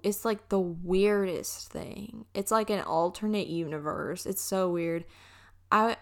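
A young woman from Alabama with a Southern accent, hosting a casual solo podcast and rambling through a story with frequent restarts. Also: medium pitch. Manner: rambling, chatty, trails off and restarts. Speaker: podcast host.

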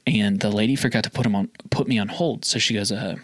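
A man's voice: fairly low pitch, fairly even intonation, a little fast, no echo. Guy telling a long story casually, lots of like and um, voice jumps way up when he acts out calls, dry close mic. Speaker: guest telling a sales story. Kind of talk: casual chat.

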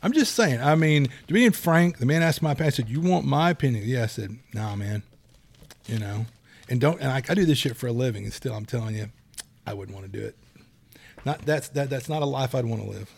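A man's voice: mid-range voice, animated, a little fast, creaky. A middle-aged man co-hosts a casual podcast in an ordinary mid-range voice. He rambles through anecdotes and slips into quoted dialogue as he goes. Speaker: podcast co-host.

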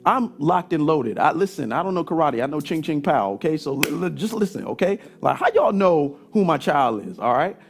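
A middle-aged male pastor, preaching a sermon and telling a story, his husky voice swinging from loud emphasis to soft asides. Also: fairly high pitch, very animated, moderate pace, hardly any pauses.

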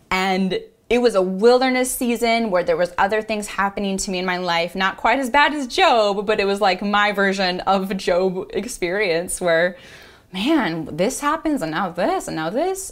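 Earnest woman preaching encouragement. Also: medium pitch. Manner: earnest and encouraging, repeats affirmations; conversational, with many fillers. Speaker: apostle. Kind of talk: devotional podcast teaching.

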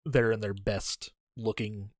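A man's voice: fairly low pitch, steady tone, slow, no room sound. Man in his thirties, podcast co-host, ranting and profane, dry close sound. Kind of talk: casual movie chat.

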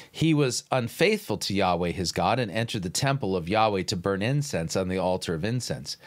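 Man reading scripture aloud, bright tone. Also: fairly low pitch. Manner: sarcastic, incredulous interjections. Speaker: podcast host critiquing a sermon.

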